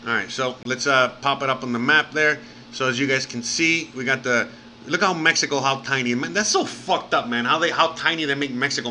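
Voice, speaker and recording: A man's voice: mid-range voice, pushed and bright, slight background noise, low-quality recording. A man from Miami chatting casually on a live stream, rambling with lots of fillers, swearing now and then and thanking viewers by name. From Miami, United States.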